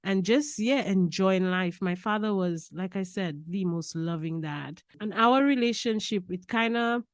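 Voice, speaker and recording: A woman from Lucia, a podcast guest telling personal stories in a lively way, laughing and repeating key phrases. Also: medium pitch, a little slow, no echo. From Saint Lucia. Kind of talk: casual personal storytelling.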